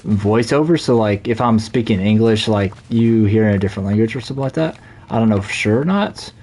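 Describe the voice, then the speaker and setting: A man's voice: fairly low pitch, fairly quick, a little mellow. A young man with a Southern US accent, chatting casually and rambling with many fillers while he streams a game. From Southern United States. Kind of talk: casual live-stream chat while playing.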